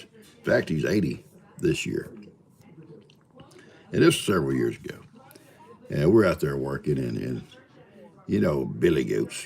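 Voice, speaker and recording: A man's voice: low-pitched, gravelly. A man in his seventies hosting a live stream, telling folksy farm stories to his viewers and chuckling through them. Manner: folksy, chuckling yarn-spinner. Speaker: livestream host. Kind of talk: casual storytelling to live viewers.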